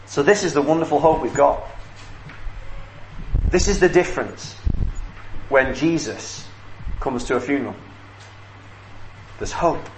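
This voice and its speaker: A man's voice: fairly high pitch, unhurried, pauses often. A man preaching a sermon and leading a prayer, earnest and emphatic, repeating key words as he pleads with listeners. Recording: echoey room with faint background noise.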